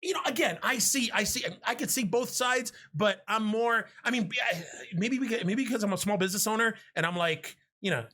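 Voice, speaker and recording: High, bright-voiced man chatting casually. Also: fairly quick, hardly any pauses. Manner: profane, rambling, joking. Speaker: podcast co-host. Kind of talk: casual chat. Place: home podcast setup.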